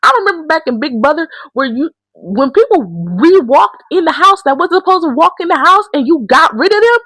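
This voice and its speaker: A woman's voice: very high-pitched, lively intonation, fairly quick, fairly bright tone, no room sound. A woman hosting a casual recap of a reality show, blunt and profane as she tells the story with a lot of animation.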